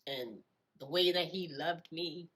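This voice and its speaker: A woman telling her own life story in a reflective way, often repeating phrases and filling pauses with "you know". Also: low-pitched, a bit bright. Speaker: storyteller sharing her experience. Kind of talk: personal storytelling.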